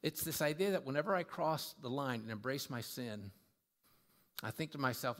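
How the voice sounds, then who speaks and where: A man's voice: medium pitch, expressive, moderate pace, a bit bright. A man preaching a sermon as pastor, conversational and full of rhetorical questions. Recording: long reverb of a large hall.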